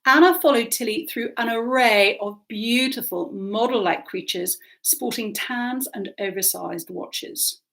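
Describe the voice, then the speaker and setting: A woman reading aloud from her own novel with a lively, expressive storytelling manner. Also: fairly high pitch, a little slow, gravelly, few pauses. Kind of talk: audiobook narration.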